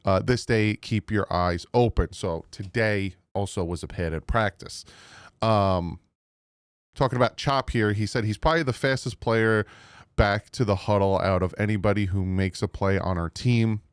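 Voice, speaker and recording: A man with a New Jersey accent talks through team news in a loose, rambling way, restarting his sentences as he goes. His voice sits very low and comes across smooth and clean. The recording is dry and close, with no room sound. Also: moderate pace, no room sound. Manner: rambling, restarts, mild frustration. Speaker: sports channel host. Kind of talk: casual commentary to viewers.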